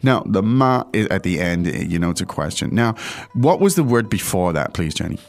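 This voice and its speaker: A man's voice: deep voice, very animated, fairly quick. A man hosting an audio language lesson, explaining phrases word by word in a playful way. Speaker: language teacher host. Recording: audio-only studio recording.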